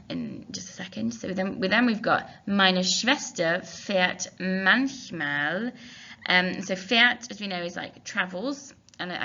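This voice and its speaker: A woman's voice: lowish voice, gravelly, fairly bright tone. A woman teacher, talking students through a recorded language lesson in a chatty, self-deprecating way. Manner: chatty, self-deprecating, slow over the foreign words. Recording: dull lo-fi with faint hiss.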